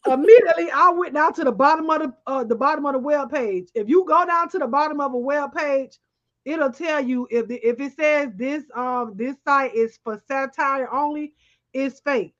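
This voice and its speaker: A woman co-hosting a casual news chat show, animated, laughing often and talking straight to her viewers. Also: high voice, normal speed, highs cut off.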